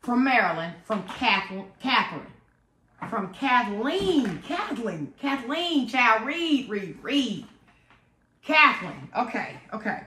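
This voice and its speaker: A woman, chatting excitedly and dramatically to viewers while unboxing gifts at home. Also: fairly high pitch, slow. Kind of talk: casual chat to viewers. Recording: roomy echo, faint noise.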